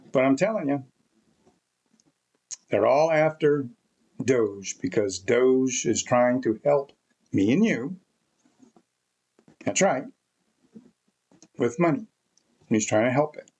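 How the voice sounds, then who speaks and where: A man's voice: medium pitch, darkish tone. A man giving a rambling, emphatic opinion monologue to camera, repeating his points often. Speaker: vlogger.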